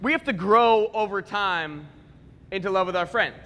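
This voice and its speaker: A man giving a playful, joking speech at a school assembly, acting out quick bits of dialogue in his stories. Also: sits high, pushed and bright. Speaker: motivational speaker. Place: large school assembly hall. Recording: echoey hall with long reverb.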